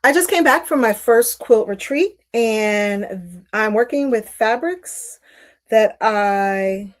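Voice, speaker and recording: A woman's voice: fairly high pitch, darkish tone. A woman hosting a live quilting stream, chatting casually and welcoming viewers while she sews, with frequent fillers. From Northern Virginia.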